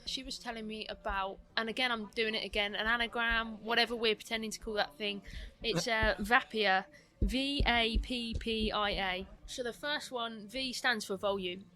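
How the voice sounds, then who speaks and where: Speaking as a guest coach mentor in a podcast conversation, this woman has a fairly high pitch, a mixed British accent with a London twang, and a slight lisp. Her delivery is quick and animated.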